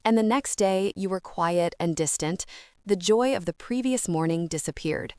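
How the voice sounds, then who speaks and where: Low-voiced woman narrating calmly. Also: smooth, dry recording, studio quality. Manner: measured, quiet, reflective. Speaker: audiobook narrator. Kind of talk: scripted literary narration.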